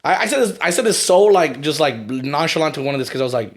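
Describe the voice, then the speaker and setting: A man's voice: a little high, lively intonation, quick pace, hardly any pauses. A young man co-hosting a casual podcast chat, telling stories in loose slang and swearing freely. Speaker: podcast co-host.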